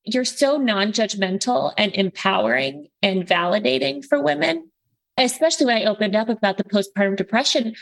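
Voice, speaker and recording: A woman's voice: mid-range voice, moderate pace, vocal fry, poor audio. A woman hosting a podcast interview, affirming her guest and chiming in with agreement. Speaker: podcast host.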